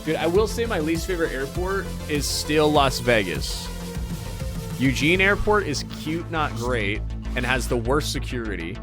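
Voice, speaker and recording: Animated young man chatting on stream. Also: fairly high pitch, measured pace, music in the background. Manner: animated storytelling, talks to chat. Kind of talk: casual stream chat.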